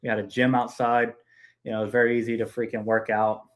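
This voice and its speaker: A man's voice: mid-range voice, flat delivery, fast talker. A young man on a podcast, telling casual deployment stories with lots of "dude" and profanity. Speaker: podcast guest. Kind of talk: casual chat.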